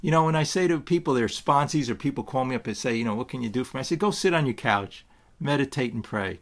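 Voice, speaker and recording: A man talks loosely about recovery and spirituality, the way someone does at a twelve-step meeting. He restarts his sentences often and wanders off into asides. He drops into little acted-out quotes while telling a story. His pitch sits in an ordinary middle range for a man. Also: expressive, fast talker. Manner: rambling, many restarts and asides; tells stories with acted quotes. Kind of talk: casual spiritual talk.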